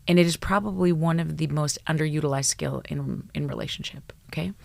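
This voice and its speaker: A middle-aged woman speaks on a podcast as a psychologist guest. She has a low voice with a gravelly edge and an animated, salty way of talking. She acts out snippets of dialogue. The sound is dry and close to a studio mic. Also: fairly quick, no echo. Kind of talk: casual podcast conversation.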